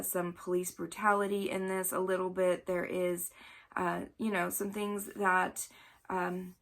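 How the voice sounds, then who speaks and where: A woman's voice: medium pitch, a bit bright. Gushing, chatty woman reviewing books. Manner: gushing, chatty, with fillers and self-corrections. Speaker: book vlogger. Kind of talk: casual book review talk.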